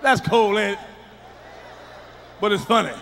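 A man doing a stand-up comedy routine, loud and profane, swinging between shouted punchlines and muttered asides. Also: sits high, a little slow, vocal fry, a little hiss or hum. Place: large theater stage with live audience. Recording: live concert hall reverb.

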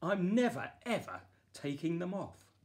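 A man voicing an excited young boy prince in a storybook, breathless and high. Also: measured pace, full character voice. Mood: delighted.

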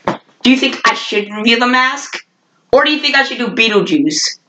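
A woman's voice: fairly high pitch, expressive, normal speed, background noise. Rambling casual woman vlogger. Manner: rambling, with frequent self-corrections. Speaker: vlogger reviewing old cartoons. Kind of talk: casual unscripted review.

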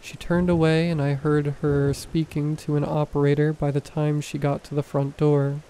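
A man reading horror stories aloud in a calm, even scripted narration. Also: a little high, moderate pace, clean tone, rough recording.

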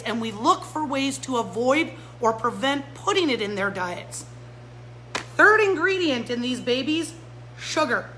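Woman, pet store owner, live-stream talk, bright, fired up, faint hum. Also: high-pitched, rough recording. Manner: fired-up, animated, talks straight to viewers. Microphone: phone or camera mic.

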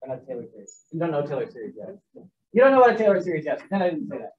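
A man teaches a math class in a casual lecture, rambling with joking asides and restarting himself while working through sums. His voice is a little high, rapid-fire and full of big pitch swings, in a dull, distant classroom recording.

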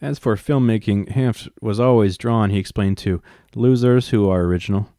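A man's voice: fairly low pitch, normal speed, warm tone, no room sound, clean studio sound. A man reading a book aloud and breaking off into wry, profane asides. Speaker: reader and commentator.

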